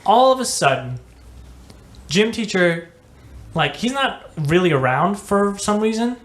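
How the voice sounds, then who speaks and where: A man's voice: sits high, sing-song, fairly bright tone. A young man co-hosting a podcast, cracking profane jokes and telling a school story in casual chat. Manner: joking, profane, quick interjections. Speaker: podcast co-host.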